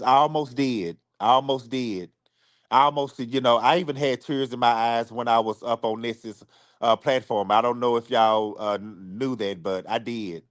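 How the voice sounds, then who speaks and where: Speaking haltingly and near tears, a man apologizes to his supporters over a live stream. He often restarts sentences or says the same thing twice. The pitch is medium and there's no echo.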